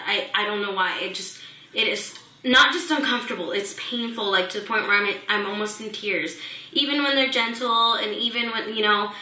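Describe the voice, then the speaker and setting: A woman's voice: mid-range voice, sharp tone. A young woman vlogger telling the story of a hospital visit during her pregnancy, with lots of fillers and restarts. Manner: emotional retelling, many fillers and restarts. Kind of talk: personal pregnancy update. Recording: echoey room.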